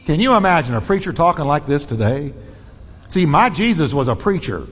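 A man's voice: fairly high pitch, very animated, a little fast, a bit bright, breathy edge. A man, preaching a bold, emphatic sermon as pastor and shifting his pace between lines. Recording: long reverb of a large hall.

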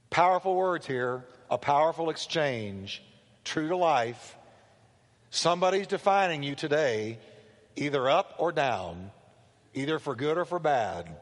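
A male pastor preaching a sermon, telling the story with animated delivery and acting out the quotes. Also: on the high side, a little slow. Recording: long hall reverb.

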